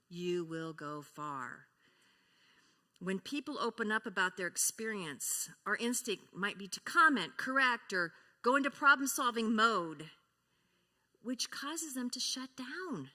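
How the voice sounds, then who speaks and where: A middle-aged woman giving a conversational sermon in a church, telling stories and leading the congregation in repeating a phrase. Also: on the low side. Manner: warm storytelling, leads the congregation in repeating a phrase. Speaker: church speaker. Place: church sanctuary. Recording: reverberant church hall.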